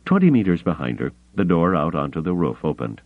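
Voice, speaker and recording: Very deep male audiobook narrator, expressive and lively, dry tinny phone-like sound. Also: no room sound. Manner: dramatic, expressive reading with measured pauses. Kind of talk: scripted novel narration.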